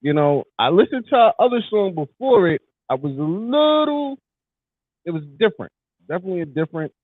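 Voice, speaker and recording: A man's voice: sits high, very animated, brisk, no room sound. A man co-hosting a casual podcast chat, talking in a hyped, emphatic way. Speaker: podcast co-host. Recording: tinny phone-like sound.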